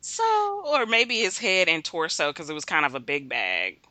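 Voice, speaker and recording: A woman chatting casually as a co-host, her talk rambling and peppered with giggles and self-deprecating asides. Her voice is bright and clear, and her pitch swings widely as she talks. The sound is dry and close. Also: big pitch swings, normal speed, no echo. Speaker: podcast co-host. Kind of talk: casual chat.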